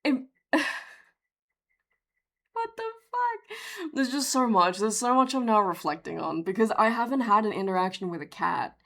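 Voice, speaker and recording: A young Australian woman streamer telling a story in casual chat, animated, with frequent swearing and restarts. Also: mid-range voice, brisk, gravelly, few pauses.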